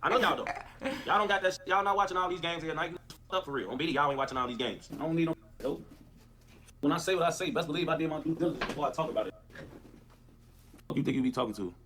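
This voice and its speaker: A man's voice: a little high, fast. A man delivering a profane, repetitive livestream rant. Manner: animated, repetitive, cursing.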